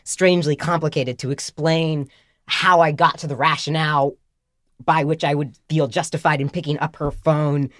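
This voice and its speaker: A man telling an embarrassing story in casual podcast chat, animated and self-deprecating, full of "like" and "right?". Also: a little high, normal speed, dry recording, studio quality. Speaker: podcast co-host.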